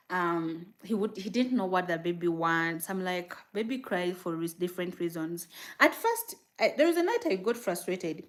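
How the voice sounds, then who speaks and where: A new mother vlogging casually to her viewers, telling stories in an animated way and acting out what she said back then, with fillers and frequent laughs. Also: on the low side, moderate pace. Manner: animated storytelling, acting out her own past words. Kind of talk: casual chat answering viewer comments.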